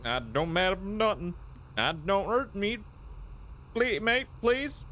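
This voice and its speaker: A man putting on a high, gruff pleading cook. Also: big pitch swings, moderate pace, fairly bright tone. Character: nervous gruff male tavern cook, pleading.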